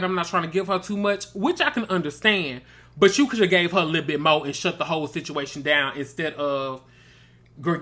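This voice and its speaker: Sassy man dishing gossip. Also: high-pitched. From Mississippi. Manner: animated, gossipy, sassy, calls listeners baby and girl. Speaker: reality TV recap host. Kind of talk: casual review commentary.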